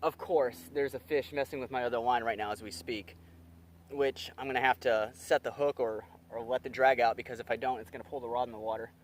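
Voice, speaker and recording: A young man filming a fishing vlog outdoors by a creek, talking straight to his viewers with excitable energy. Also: mid-range voice, brisk, slight background noise. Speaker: wildlife vlogger.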